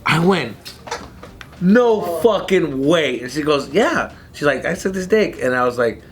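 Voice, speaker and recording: A man telling a story in casual podcast chat, animated and profane, acting out other people's voices with sudden jumps in pitch. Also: measured pace.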